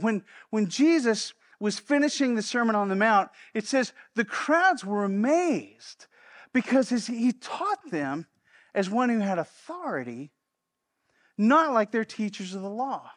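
A male pastor preaching a sermon, swinging between loud declarations and hushed asides and returning to a repeated refrain. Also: high voice, big pitch swings, normal speed. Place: church service.

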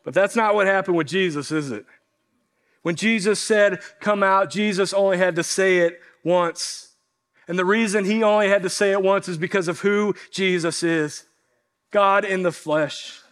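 High-voiced preacher man, earnest and deliberate. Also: fairly bright tone. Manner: earnest storytelling preacher, slows for emphasis. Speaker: pastor. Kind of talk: sermon.

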